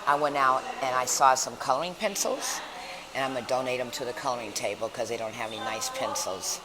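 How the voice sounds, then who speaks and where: A woman motivational speaker talking casually to her viewers in a lively, chatty storytelling way, recorded indoors at a shelter. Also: a bass voice, a little fast. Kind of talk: casual vlog talk. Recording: noisy background.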